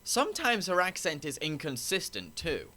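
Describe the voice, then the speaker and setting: A man's voice: on the high side, wildly swooping pitch, moderate pace, bright, forceful tone, soft background music. A man narrating a scripted review, opinionated and critical. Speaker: anime reviewer.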